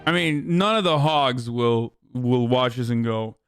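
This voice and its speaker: A man streaming a reaction, talking fast and profanely with sarcastic, animated asides. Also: medium pitch, music in the background. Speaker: streamer and political commentator. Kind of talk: live stream reaction commentary.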